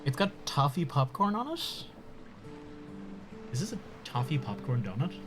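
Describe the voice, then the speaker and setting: A man's voice: a little high, very animated, moderate pace, music in the background. A man chatting casually on a live stream, talking with his mouth full and laughing often.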